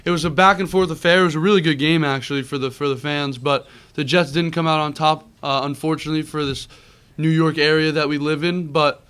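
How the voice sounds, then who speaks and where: A young man hosting a casual football podcast, running through the week's games in quick rundowns. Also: on the high side, fairly even intonation, a bit bright, clear, resonant tone. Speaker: podcast host. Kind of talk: casual sports podcast chat.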